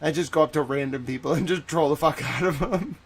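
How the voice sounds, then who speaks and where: Excitable, rambling male livestreamer. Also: a little high, a little fast, gravelly, breathy edge. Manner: excitable, rambling and jokey, with frequent swearing. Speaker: livestream commentator on a trial. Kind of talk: casual livestream commentary.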